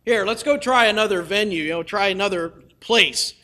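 A man's voice: sits high, normal speed, pushed and bright. A man voicing an impatient ancient king who complains that he is not getting what he paid for, during a sermon. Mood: annoyed. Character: irritated ancient male king paying for curses.

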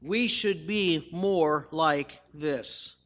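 Bright-voiced, high-pitched male pastor preaching. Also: very slow, big-room sound. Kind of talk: sermon.

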